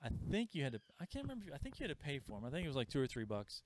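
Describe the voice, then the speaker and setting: A man hosting a live comic shop sale, chatting casually and pitching items with asides. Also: huge pitch swings, very fast, slight background noise. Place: comic store. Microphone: livestream camera mic.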